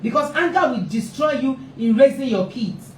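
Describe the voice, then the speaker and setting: A woman's voice: sits high, expressive, moderate pace, a little hiss or hum. Emphatic woman, roomy distant sound. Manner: emphatic, repeats points for stress. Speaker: family therapist and parenting speaker. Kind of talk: impassioned live parenting talk. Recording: roomy echo, distant mic, faint ambience.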